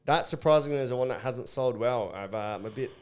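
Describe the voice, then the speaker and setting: Aussie comedian co-host, smooth, resonant tone, jokey banter full of swearing. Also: male voice, medium pitch. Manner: fast comic asides, puts on slang voices. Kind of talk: casual banter.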